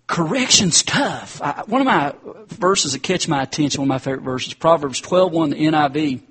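A man's voice: fairly high pitch, lively intonation, normal speed, a bit bright, breathy edge. A man preacher giving a conversational sermon and often calling his listeners "guys.". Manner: conversational, addresses the crowd as guys.

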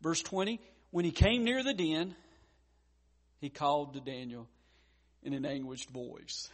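A male pastor preaching a sermon, with frequent stammered restarts and wide swings between loud urgency and hushed tenderness. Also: on the high side, measured pace.

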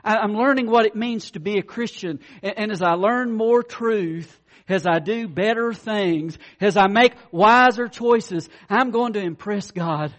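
A man preaching a sermon as a pastor, fervent and excitable, swinging between loud peaks and hushed lows, calling his listeners "guys" and "man". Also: measured pace, few pauses.

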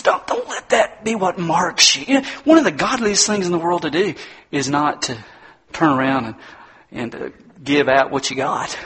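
A middle-aged man with a husky, medium-pitched voice preaches a sermon. He tells folksy stories in an animated way, acting out the voices of the people in them.

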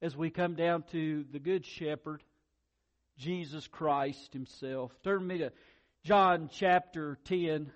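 Male pastor, slightly higher voice, animated sermon delivery, stammering repeats. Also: takes it slowly, dull audio. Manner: animated, swings between loud emphasis and quiet asides; repeats words when excited.

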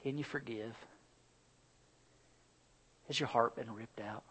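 A middle-aged pastor preaches and shares personal stories, moving between loud, animated bursts and quiet, earnest stretches. His voice is medium-pitched and slightly rough, he takes his time, and the recording quality is low.

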